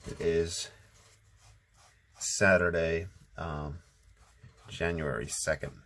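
Low-voiced man narrating a painting lesson. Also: extremely slow. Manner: relaxed, rambling, many ums. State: sleepy, just waking up. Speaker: watercolor channel host. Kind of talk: casual painting tutorial narration.

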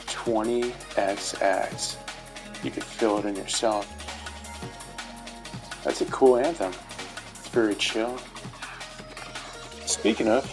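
With faint music in the background, a middle-aged YouTuber gives laid-back commentary over gameplay footage about game rewards, using dry dad-joke humor. His voice is medium in pitch, and the recording is rough.

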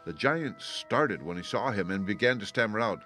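A man narrating a fairy-tale audiobook with a low voice. His delivery is steady and even, with faint music underneath. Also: normal speed, hardly any pauses.

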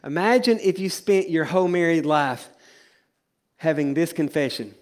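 A male pastor preaching a sermon in a church, moving from loud, stretched-out proclamations to quiet, joking asides with his congregation. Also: on the high side, expressive, normal speed. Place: church sanctuary.

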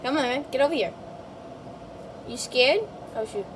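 A woman hosting a horror gameplay video. She talks to the game characters in a jumpy, excitable way and rambles with many fillers. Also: high-pitched, normal speed, background noise. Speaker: gaming channel host. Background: loud game music.

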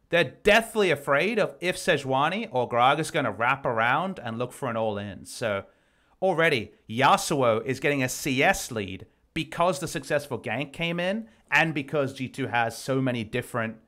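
Guy doing esports vod review, pitch bouncing all over, talks through plays. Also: normal speed. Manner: animated analytical explaining. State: losing his voice. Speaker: esports analyst. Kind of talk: game review commentary.

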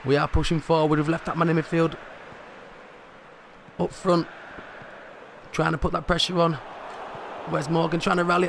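A man commentating his own football video game match as he plays, excitable and rising sharply in pitch at big moments. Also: moderate pace, creaky, long pauses, noisy background. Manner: excitable, rises sharply at goals. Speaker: gaming commentator.

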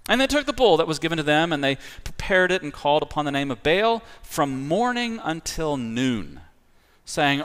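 A man preaching a sermon as pastor. He talks in a conversational, animated way, telling the story with everyday fillers. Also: on the high side, moderate pace, smooth. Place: church sanctuary. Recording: long reverb of a large hall.

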